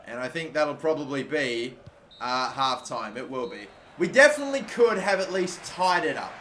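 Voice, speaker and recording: A young man from Australia commentating his own football video game, swearing constantly and erupting into shouts when a play goes wrong. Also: on the high side, sing-song, moderate pace, a little hiss or hum. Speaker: gaming YouTuber. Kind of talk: live gameplay commentary.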